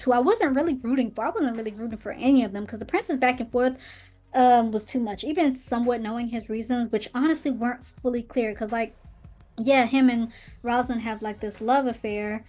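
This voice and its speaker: Chatty young woman recapping a show. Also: a little high. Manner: animated, acts out characters' lines in quotes, frequent "like". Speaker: podcast host. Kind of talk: casual commentary recapping a TV show.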